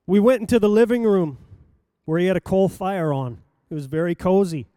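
Older man, preacher, sermon story, slightly high voice, smooth and warm, dry close sound. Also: normal speed, no echo. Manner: lively anecdotal telling with acted quotes.

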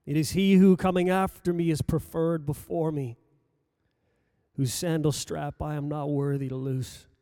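Slow, high-voiced preacher, dry sound. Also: male voice, steady tone, warm tone, no echo. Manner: slow, measured preaching that rises and falls for emphasis. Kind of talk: sermon.

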